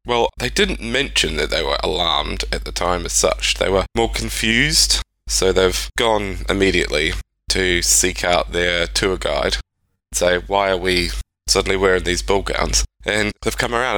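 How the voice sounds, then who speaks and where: A man's voice: deep voice, creaky, pushed and bright, dry recording, low-quality recording. A man, casually retelling strange stories as a podcast co-host, rambling with speculative asides. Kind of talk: casual storytelling chat.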